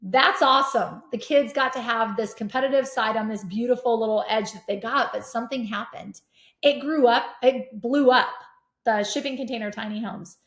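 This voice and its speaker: Middle-aged woman, animated storyteller with a fairly high voice, in an echoey room. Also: moderate pace. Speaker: podcast guest, real estate investor. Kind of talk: casual conversation. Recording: roomy echo.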